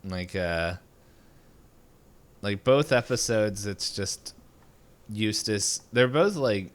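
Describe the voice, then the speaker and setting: A man's voice: on the low side, lively intonation, takes it slowly. A young man co-hosting a podcast in casual chat, rambling with many fillers and restarts. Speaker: podcast co-host.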